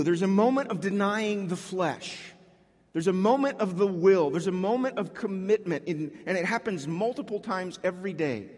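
A man preaching a sermon as a pastor, talking in a conversational way with frequent restarts and animated asides. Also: sits high, moderate pace, big-room sound.

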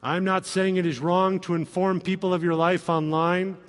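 Guy preaching in a church, high voice, acts out quotes, big echoey hall. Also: steady tone, normal speed. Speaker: pastor. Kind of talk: sermon. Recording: long reverb of a hall.

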